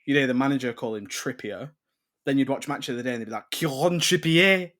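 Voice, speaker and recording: A man's voice: mid-range voice, fast. A young man, co-hosting a casual football chat and ranting with swearing when riled. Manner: animated, swears, rants loudly when riled. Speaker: podcast co-host. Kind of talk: casual banter.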